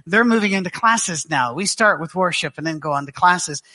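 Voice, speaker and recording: A middle-aged man from Scotland with a Glaswegian accent, preaching a guest sermon to a church, telling stories with dry humor and halting restarts. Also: high-pitched, lively intonation, pushed and bright. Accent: Glaswegian Scottish.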